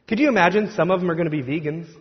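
In a church sanctuary, a male pastor delivers a chatty, joke-filled sermon, acting out the crowd's voices in a high, racing voice. The audio sounds dull, with a long hall reverb.

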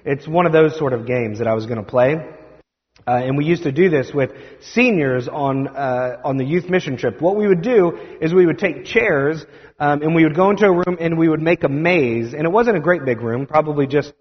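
A man's voice: a little high, normal speed. A man pastor giving a conversational sermon, telling stories and acting out what people said. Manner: conversational storytelling, animated quoting. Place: church sanctuary. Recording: dull sound with long hall reverb.

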